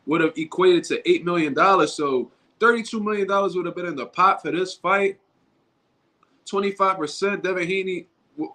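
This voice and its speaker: A man's voice: a little high, bright, forceful tone. A man talking casually on his own livestream, in loose street slang and often restarting his sentences. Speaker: boxing commentary YouTuber.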